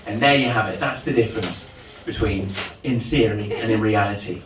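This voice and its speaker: A man, hosting a comedy night and telling jokes loudly with lots of swearing. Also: fairly low pitch, fairly quick, hardly any pauses, background noise. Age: 30s. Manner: loud, animated joke-telling with swearing. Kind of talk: stand-up comedy. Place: comedy venue with audience. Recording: roomy live venue from far off, loud crowd.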